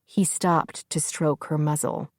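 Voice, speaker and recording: Low, gravelly woman narrator. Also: no room sound, clean studio sound. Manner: measured, even storytelling. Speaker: audiobook narrator. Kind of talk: scripted fiction narration.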